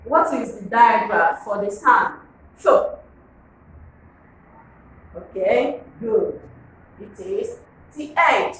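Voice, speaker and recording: A woman teaching a phonics lesson, drilling words slowly and asking the class to repeat them. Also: fairly high pitch, expressive, a bit bright, a little hiss or hum. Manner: slow, drilling, repeats words and asks to pronounce. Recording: echoey room, voice from far off.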